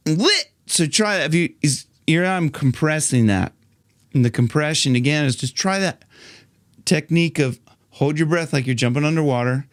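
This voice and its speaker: An American man from Ohio teaching singing, joking around and singing phrases in a high belt to demonstrate. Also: normal speed, no room sound, studio quality. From Ohio, United States. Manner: playful, jokey, demonstrates lines in a high belt. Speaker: vocal coach. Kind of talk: singing tutorial.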